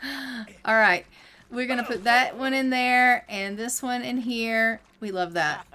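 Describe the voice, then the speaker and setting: Chatty woman streamer playing a life sim game, high bright voice, playful and rambling. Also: slow. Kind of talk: casual gameplay commentary.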